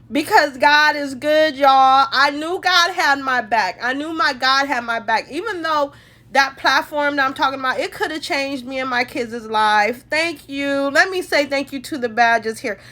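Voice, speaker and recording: Her voice is high, bright and forceful, and she speaks at a measured pace. Going live on her phone, she talks to y'all with heartfelt feeling about her faith, sometimes becoming tearful.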